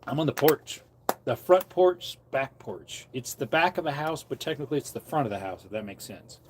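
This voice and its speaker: A man's voice: mid-range voice, big pitch swings, moderate pace, slight background noise. A man who preaches, chatting casually on a livestream from an outdoor porch and wandering between topics as he reads comments aloud.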